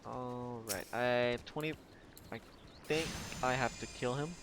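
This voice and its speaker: A man's voice: mid-range voice, unhurried, noisy background. Joking man commenting on a game. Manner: joking, swearing, self-deprecating asides. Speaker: let's play host. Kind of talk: casual gameplay commentary.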